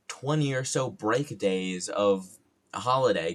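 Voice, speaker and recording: A man's voice: fairly low pitch, unhurried. A man from New York streaming live, rambling casually in a self-mocking, loosely profane way with a plain, neutral accent.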